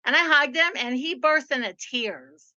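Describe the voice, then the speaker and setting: Bright high-voiced woman host, lo-fi. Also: moderate pace. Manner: bubbly, expressive storytelling. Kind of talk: conversational interview.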